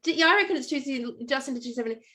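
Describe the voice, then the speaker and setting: A woman telling a long personal story in casual chat, animated and full of "like" and "um". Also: high voice, racing. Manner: animated storytelling with many fillers. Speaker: podcast co-host.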